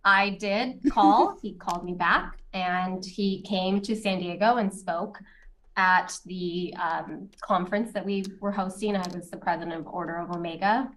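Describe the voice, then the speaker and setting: A woman's voice: lowish voice, steady tone, measured pace, fairly bright tone, slight background noise. A middle-aged woman lawyer answering interview questions in a chatty storytelling way, with light laughs.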